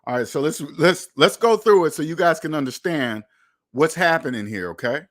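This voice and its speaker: A man's voice: on the high side, lively intonation, moderate pace, fairly bright tone. Emphatic man ranting to his viewers. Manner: emphatic, repetitive, profane, talks straight to viewers. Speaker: finance channel host. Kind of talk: casual monologue commentary.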